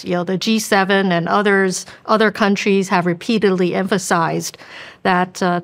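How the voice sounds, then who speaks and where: A woman in her fifties, a senior official answering interview questions carefully, with frequent ums and uhs as she picks her words. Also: mid-range voice. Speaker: vice president, interview guest.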